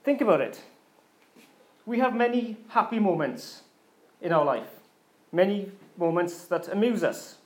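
A man's voice: high-pitched, lively intonation, measured pace, long pauses. A pastor giving an informal, chatty sermon to his congregation, often laughing and mimicking voices as he talks. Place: church congregation.

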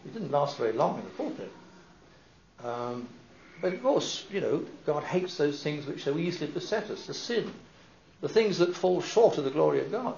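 A man's voice: on the high side, moderate pace, vocal fry. A man preaching a sermon, reading and explaining scripture in a conversational way, with asides. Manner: animated and conversational, with asides and restarts. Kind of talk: sermon, Bible teaching. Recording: dull lo-fi recording.

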